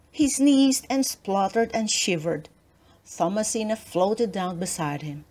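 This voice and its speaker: A woman reading a children's picture book aloud in a gentle way. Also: mid-range voice, animated, slow.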